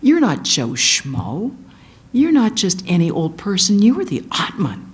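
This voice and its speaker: A woman giving a sermon, retelling an epic as animated storytelling and acting out the quotes. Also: medium pitch, unhurried. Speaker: guest speaker, monastic.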